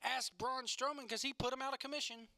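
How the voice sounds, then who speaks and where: Bright, rambling young man recapping wrestling. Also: extremely high pitch, fairly even intonation, fast talker, vocal fry, no room sound. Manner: rambling, laughs often, sarcastic asides. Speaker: wrestling podcast host.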